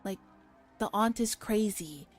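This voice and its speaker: A young woman streamer chatting casually and softly between readings, rambling with lots of fillers and casual swearing. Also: medium pitch, measured pace, faint music behind. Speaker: streamer reading a novel aloud. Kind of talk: casual soft-spoken commentary.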